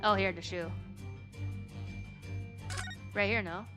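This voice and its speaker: A woman streaming a game, thinking aloud and reading the dialogue out loud. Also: mid-range voice, steady tone, slow pace. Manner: thinks aloud, reads game lines in a plain voice. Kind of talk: let's play with read-aloud dialogue. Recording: game music behind the voice.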